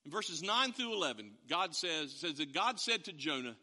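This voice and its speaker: A man preaching a sermon, telling a family story with animated, acted-out quotes. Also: on the high side, moderate pace, in a large hall. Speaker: pastor.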